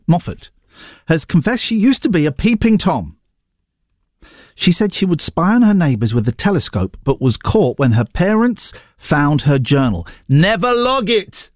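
A man's voice: high voice, darkish tone, no echo, clean studio sound. A man hosting a radio show, casually chatting about newspaper stories with wry asides. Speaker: radio host.

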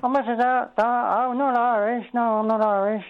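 A man's voice: very high voice, steady tone, moderate pace. Giggly rambling male caller on a muffled line. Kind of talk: casual phone-in chat.

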